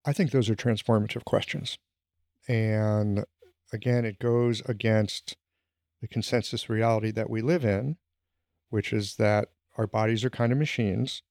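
A middle-aged man hosting a casual conversation, telling stories in an animated way. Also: lowish voice, gravelly, dry recording, clean studio sound. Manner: animated storytelling.

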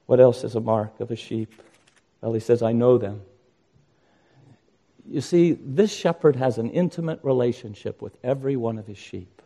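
A man's voice: mid-range voice, moderate pace, creaky, warm tone. An older man preaching a sermon as pastor, earnest and rising to impassioned emphasis.

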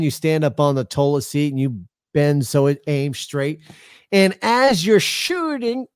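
A man's voice: fairly high pitch, no echo. Brief: middle-aged New man, loose rambling podcast co-host, dry close sound. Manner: loose, rambling storytelling with frequent laughs and swearing. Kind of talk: casual chat.

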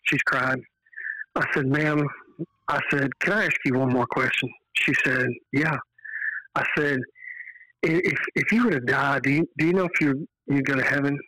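A man from Texas with a Texan accent, a podcast guest telling stories in an earnest, animated way. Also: mid-range voice, moderate pace, no echo, low-quality recording. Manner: earnest, animated storyteller who quotes dialogue. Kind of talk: casual storytelling on a podcast.

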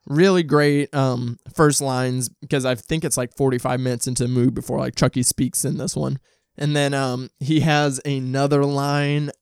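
A man rambles happily through his thoughts on a horror sequel, full of ums and likes and the odd swear word. His voice is smooth and clear. The sound is dry and close, with no room echo. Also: medium pitch, flat delivery, moderate pace, a little mellow. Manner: chatty, enthusiastic, many ums and likes, swears. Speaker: film reviewer. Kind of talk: casual film review talk. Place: home, dog nearby.

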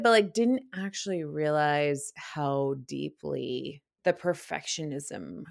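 A young woman hosts her own podcast in a relaxed, candid ramble, a little out of breath as she talks. Her voice sits on the lower side for a woman, and she laughs easily and swears casually. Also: slow pace, vocal fry, no room sound, studio quality. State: slightly out of breath. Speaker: podcast host. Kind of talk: casual solo podcast talk.

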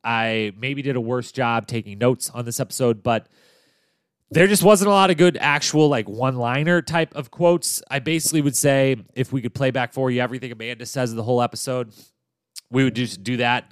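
Chatty male podcast host with a smooth voice. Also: mid-range voice, dry recording, clean studio sound. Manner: chatty, upbeat, loose with fillers and restarts. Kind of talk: casual TV recap chat.

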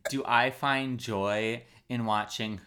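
A man hosting a podcast in casual chat, playful and quick to laugh. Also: mid-range voice, fairly even intonation, background noise. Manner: laughs often, playful teasing. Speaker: podcast host.

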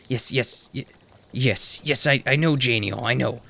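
A man voicing a wrinkly old man who mutters and stammers, repeating himself in a frantic high voice. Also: a little slow, gravelly, bright, forceful tone. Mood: frantic muttering.

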